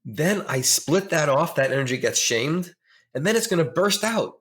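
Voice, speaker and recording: A man's voice: a little high, lively intonation, normal speed, a bit bright. A middle-aged man speaking as a therapist guest in a conversational interview, earnest and emphatic, explaining ideas through examples.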